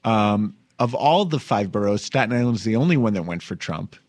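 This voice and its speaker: A man's voice: fairly low pitch, expressive, normal speed, darkish tone, no room sound. A man, hosting a comedic news podcast in a chatty, wry way and laughing as he talks. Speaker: podcast host. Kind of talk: casual comedic news chat.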